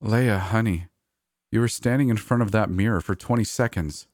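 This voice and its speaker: A man voicing a worried young woman coworker with a slightly hoarse voice, reading a story aloud. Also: fairly low pitch, normal speed, darkish tone, no echo, clean studio sound, voice pushed up, lightly acted. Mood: concerned.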